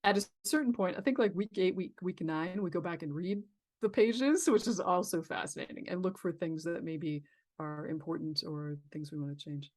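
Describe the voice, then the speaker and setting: A middle-aged woman speaks on a podcast in a relaxed, reflective way, trailing off and restarting as she thinks. Her voice sits a little low. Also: moderate pace. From San Diego, California. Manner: reflective, chatty, many fillers and restarts. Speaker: therapist guest. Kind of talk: casual podcast interview.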